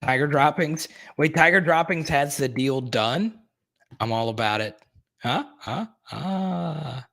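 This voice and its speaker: Male stream host, mid pitch, excitable, talks straight to the chat and repeats himself. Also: normal speed. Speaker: sports live stream host. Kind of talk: casual live stream chat.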